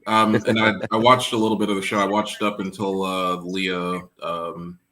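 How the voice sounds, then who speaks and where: A man's voice: low-pitched, flat delivery, moderate pace, background noise. A man, a guest on a video call, telling stories in a rambling, hesitant way. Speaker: guest, performance coach. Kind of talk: casual chat on a video call.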